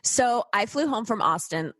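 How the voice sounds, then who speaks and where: A woman co-hosting a podcast tells a story in a casual, animated way, swearing freely and acting out what people said. Her voice is fairly high-pitched at normal speed, with no echo.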